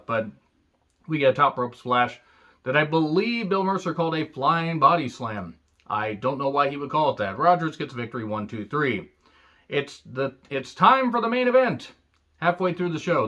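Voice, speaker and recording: Man, from the United States, casual review monologue, blunt and profane, sarcastic asides, bright forceful tone. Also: medium pitch, highs cut off. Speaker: wrestling show reviewer.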